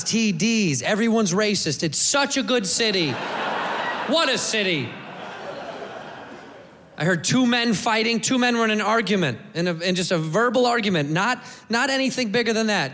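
A man doing a stand-up comedy set, brash and prone to loud acted-out bits. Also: high voice, animated, moderate pace. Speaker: stand-up comic. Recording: long hall reverb.

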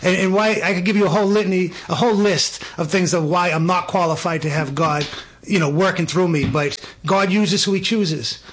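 A man's voice: high voice, brisk, a little hiss or hum. A man, telling a faith story as a guest and eagerly acting out what people said. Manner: excited, animated storyteller acting out dialogue. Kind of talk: testimony storytelling.

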